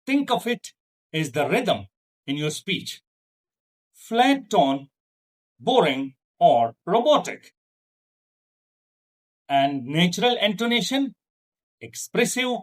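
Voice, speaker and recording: Teaching English online, a male instructor who first spoke Urdu keeps a slow, lively pace. He's deliberate in his delivery and illustrates pitch through demonstrations.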